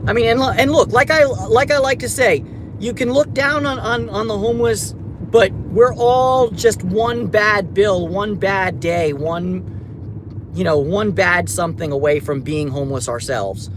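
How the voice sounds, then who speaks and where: Feeding stray cats beside his car at night, a vlogger streams casually on a handheld phone, rambling, restarting, and swearing mildly. He speaks in a high-sitting voice at a measured pace, with noise in the background.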